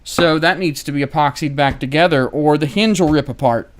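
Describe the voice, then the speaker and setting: A fairly high-pitched American man talks through a laptop repair on a live stream. He is offhand and wry, swears now and then, and thinks out loud between tasks. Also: a little fast. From United States. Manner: casual, wry and profane, thinking aloud while working.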